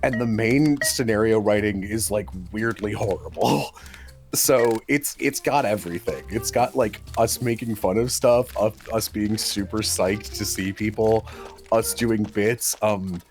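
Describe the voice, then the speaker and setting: A man chatting casually on a livestream, his stories animated and broken up by quick bursts of laughter. Faint music plays underneath his voice. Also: on the low side. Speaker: livestream co-host. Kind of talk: casual stream chat.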